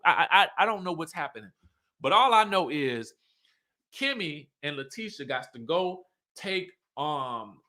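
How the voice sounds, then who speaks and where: A man hosting a casual recap of a reality TV episode, chatty and animated, full of rhetorical questions. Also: a little high.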